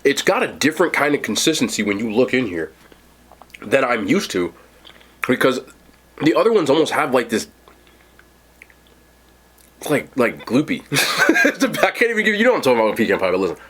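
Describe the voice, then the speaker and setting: A man's voice: mid-range voice, big pitch swings, brisk, pauses often, a bit bright, slightly rough. A man hosting a casual mukbang food review, chatting to viewers while he eats. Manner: chatty, talks while eating. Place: seated indoors at home.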